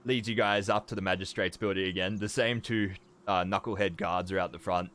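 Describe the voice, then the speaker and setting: A man narrating a tabletop game as game master, halting with fillers and quick laughs. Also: low-pitched, steady tone, a bit bright.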